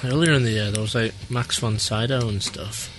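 A man, co-hosting a podcast in relaxed, rambling chat full of "like" and "um". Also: fairly low pitch, moderate pace. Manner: laid-back and rambling, heavy use of "like" and "um". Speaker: podcast co-host. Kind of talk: casual chat.

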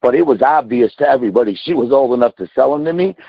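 A man's voice: mid-range voice, lively intonation, fast talker, gravelly, muffled recording. A man in his sixties, a trucker calling in, ranting bluntly and cursing freely in casual talk. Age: 60s. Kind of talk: casual call-in rant.

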